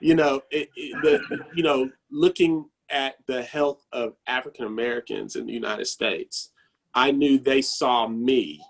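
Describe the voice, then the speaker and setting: A man speaking on a health panel as a dentist, telling stories with lively acted-out quotes. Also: medium pitch, unhurried, gravelly. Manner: animated storyteller who acts out quoted voices. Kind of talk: panel discussion.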